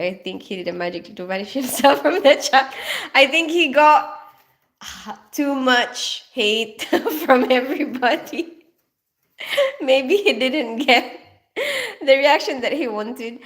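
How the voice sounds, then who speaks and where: With a slightly high, fairly bright voice, this woman from the Philippines hosts a relaxed live chat. She has a Filipino accent, reads out comments, laughs along, and welcomes viewers by name.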